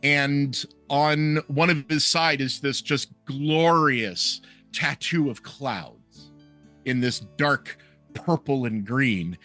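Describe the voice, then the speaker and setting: Slow, bright-voiced male player. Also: mid-range voice, soft background music. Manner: slow and vividly descriptive. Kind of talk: describing a character in a tabletop game.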